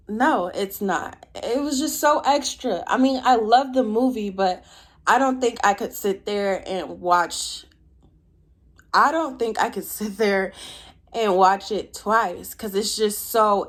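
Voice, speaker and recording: Animated woman giving opinionated commentary. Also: fairly high pitch. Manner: animated, opinionated, rapid asides. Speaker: film commentator.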